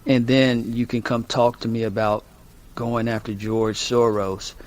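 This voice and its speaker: A man's voice: mid-range voice, little pitch movement, unhurried. Argumentative man co-hosting talk radio. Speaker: radio co-host. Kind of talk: casual talk radio debate.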